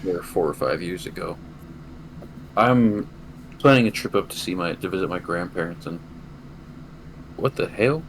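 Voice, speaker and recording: Deep-voiced young man telling a story. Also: animated, normal speed, long pauses, low-quality recording. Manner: casual, swears freely, rambling anecdote. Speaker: podcast co-host. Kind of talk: casual storytelling chat. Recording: noticeable background noise.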